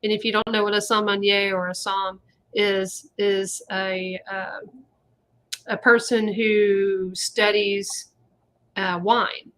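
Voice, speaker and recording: A woman hosts a relaxed live chat. She rambles freely and leans on lots of little fillers. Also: medium pitch, a little hiss or hum. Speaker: host. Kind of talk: casual chat on a live stream.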